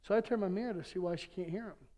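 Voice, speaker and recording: A middle-aged male pastor with a notably high voice, preaching in a church sanctuary. His words ring out with a long hall reverb. He mixes chuckling family anecdotes with earnest appeals. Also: racing, mellow. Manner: chuckles through his own jokes, then turns earnest. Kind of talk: sermon with humorous family stories.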